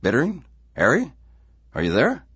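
A man's voice: medium pitch, huge pitch swings, moderate pace, fairly bright tone, slightly rough, no room sound, pitched above the performer's own voice, full character voice. A man voicing a puzzled male archaeologist who calls out questions on the phone.

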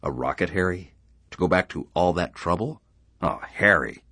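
A man voicing a group of relaxed townsmen who talk in a lazy, placid way. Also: low-pitched, moderate pace, no room sound, clean studio sound, voice pushed up, exaggerated voice.

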